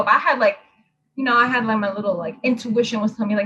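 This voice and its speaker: A young woman tells a story in a loud, profane, animated way. Her voice sits high and rings bright and sharp. The recording is a little muffled. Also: fast. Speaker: host. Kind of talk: casual chat.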